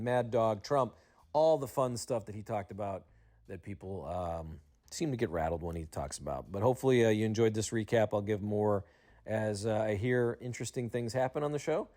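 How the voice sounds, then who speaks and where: A man's voice: fairly low pitch, darkish tone. A man hosting his channel and casually recapping a radio show, rambling and laughing as he retells it. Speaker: channel host.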